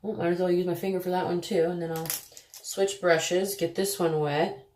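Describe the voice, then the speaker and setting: A low-pitched woman talks casually through her makeup routine as a beauty vlogger. She is chatty and self-deprecating, breaking into sudden exclamations. The room around her adds a clear echo. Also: little pitch movement, normal speed, a little mellow, a little hiss or hum. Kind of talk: casual makeup tutorial chat. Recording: echoey room.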